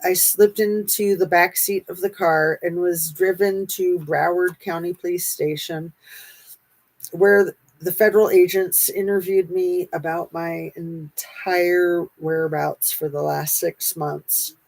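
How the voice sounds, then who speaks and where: Slow, low-voiced woman reading aloud. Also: steady tone, rough recording. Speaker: channel host reading a memoir aloud.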